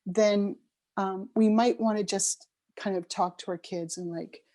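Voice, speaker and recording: A middle-aged woman, an interview guest, telling a personal story in a reflective, unhurried way, with frequent ums and restarts. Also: medium pitch, fairly even intonation, dark tone. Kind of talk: conversational storytelling.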